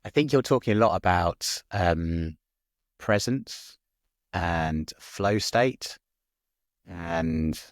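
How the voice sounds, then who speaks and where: A man with a very low voice, hosting a conversational podcast. He talks in a thoughtful, halting way and makes fun of himself a little. The recording is close and dry. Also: animated, dry recording. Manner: reflective, hesitant, self-deprecating. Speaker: podcast host.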